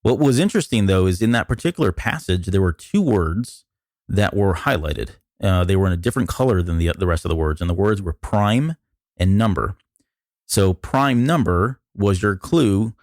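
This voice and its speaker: Low-voiced man explaining on a podcast, voice worn. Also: lively intonation, moderate pace, darkish tone, no echo, clean studio sound. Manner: explains in detail, with many restarts and fillers. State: losing his voice. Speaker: podcast co-host.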